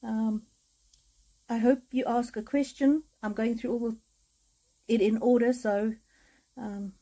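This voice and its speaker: A woman chatting with viewers on a live stream as an oracle card reader, speaking in gentle, repetitive affirmations with frequent hesitations. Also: fairly high pitch, steady tone, slow pace, poor audio.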